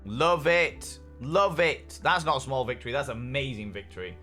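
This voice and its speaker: A man's voice: medium pitch, normal speed, pushed and bright. A man streaming a game, chatting casually with viewers, upbeat and swearing freely. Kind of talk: casual chat while reading viewer messages. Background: faint lo-fi music.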